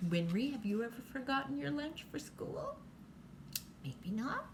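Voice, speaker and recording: A woman's voice: on the high side, sing-song, a little slow, a little hiss or hum. An older woman reading a bedtime storybook aloud, stopping for chatty asides to the child listening.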